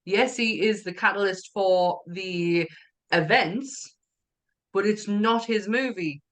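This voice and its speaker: A woman's voice: mid-range voice, takes it slowly. Sweary, laughing woman co-host. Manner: sweary, candid, laughs often. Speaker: podcast co-host. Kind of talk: casual chat.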